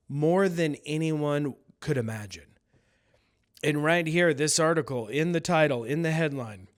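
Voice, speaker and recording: A man's voice: fairly high pitch, unhurried. Rambling, crude-joking man hosting a podcast. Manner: rambling, crude, jokey, swings between loud outbursts and muttering. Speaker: podcast host. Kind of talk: casual solo podcast commentary.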